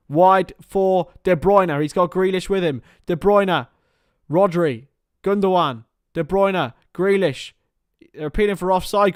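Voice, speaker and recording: A man's voice: fairly high pitch, clean tone, no room sound, clean studio sound. A young man hosting a live stream, casually commenting on a football match and chatting with viewers by name, laughing often.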